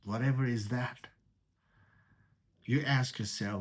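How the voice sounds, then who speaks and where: A man leads a meditation teaching with a slightly low voice. He takes his time and speaks slowly and deliberately. He often repeats key words and answers his own rhetorical questions. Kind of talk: spiritual teaching talk.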